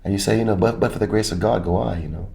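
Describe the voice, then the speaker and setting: A man, a music producer, talking animatedly in a relaxed interview and now and then breaking into bits of song. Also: on the low side, very fast, gravelly, crowd noise. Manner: animated, breaks into sung snatches. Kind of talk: casual interview chat.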